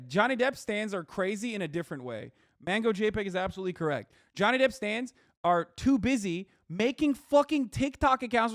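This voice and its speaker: A man's voice: very high-pitched, no echo, clean studio sound. A man streaming live, reacting to clips and answering chat in a heated, profane rant. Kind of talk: livestream reaction commentary.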